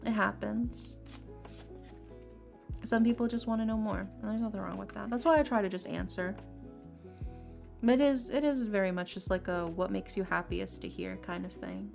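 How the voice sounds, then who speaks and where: A woman from Texas talks easily with her stream chat, rambling a little and restarting her words as she goes. Her voice sits at a middle pitch with a gravelly fry. Soft lofi music plays quietly behind her. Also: steady tone, normal speed, long pauses. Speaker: tarot streamer. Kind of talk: casual chat with stream viewers. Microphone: desk mic on a live stream. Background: faint lofi music.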